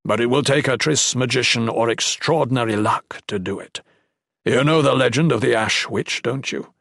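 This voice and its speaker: A man's voice: medium pitch, moderate pace, vocal fry, a bit bright, no room sound, clean studio sound. A man voicing a blunt, stern old male magician.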